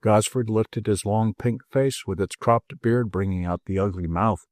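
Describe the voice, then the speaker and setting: A man narrating an audiobook in expressive storytelling style. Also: on the low side, measured pace, no room sound, clean studio sound. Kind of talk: scripted narration.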